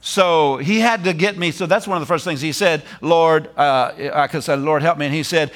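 A middle-aged man preaching a sermon, animated, repeating phrases and laughing as he drives points home. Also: a little high, moderate pace, few pauses.

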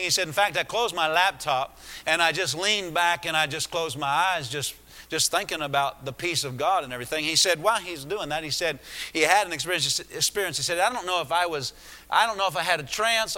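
A man's voice: fairly high pitch, pushed and bright. A man preaching a sermon, retelling a story with many restarts and asides. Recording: echoey hall.

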